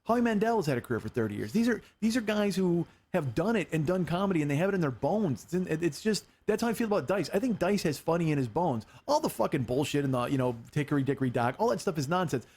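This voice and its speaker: A man in his forties hosting a comedy podcast, telling stories in an animated, profane way. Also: on the high side, fast, few pauses, breathy edge. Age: 40s. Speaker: podcast host. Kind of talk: casual comedy podcast chat.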